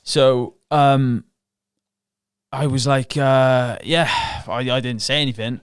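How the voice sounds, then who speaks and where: A man's voice: mid-range voice, fairly even intonation, slow pace, clean tone, no room sound, studio quality. A professional fighter guesting on a podcast, telling his story frankly and profanely, acting out what he and others were thinking. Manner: frank and profane, relives moments with quoted inner thoughts. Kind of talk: casual interview storytelling.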